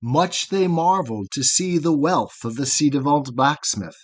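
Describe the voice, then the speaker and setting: A man, a podcast host, reading a long narrative poem aloud in a measured, rhythmic way. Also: a little high, lively intonation, husky. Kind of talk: poetry reading.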